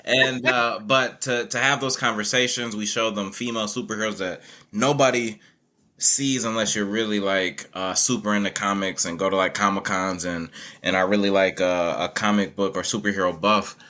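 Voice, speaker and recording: A man with a low, bright, forceful voice tells stories about his teaching. He talks in an animated way, laughs often and acts out the lines of the people in his stories. It sounds like a relaxed conversation. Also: normal speed. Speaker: community educator, guest. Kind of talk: conversational storytelling.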